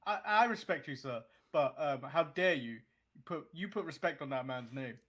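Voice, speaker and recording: A man's voice: a little high, animated, normal speed, very noisy. A man hosting a casual wrestling podcast, teasing and laughing. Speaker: podcast host.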